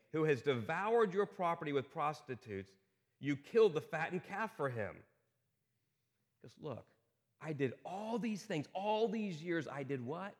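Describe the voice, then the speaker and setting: A man's voice: mid-range voice, big-room sound. A man preaching a sermon as pastor, often asking his congregation rhetorical questions. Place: church sanctuary.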